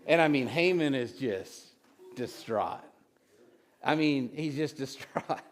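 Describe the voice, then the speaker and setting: A man's voice: mid-range voice, animated, takes it slowly. A man preaching a casual, conversational sermon, reading old scripture and retelling it with frequent restarts and asides. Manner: retells scripture with acted voices. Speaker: pastor.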